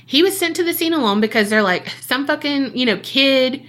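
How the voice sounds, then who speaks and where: Bright-voiced woman telling a story. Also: high voice, expressive, fairly quick. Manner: profane, jokey storytelling. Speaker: podcast co-host. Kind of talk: casual storytelling chat.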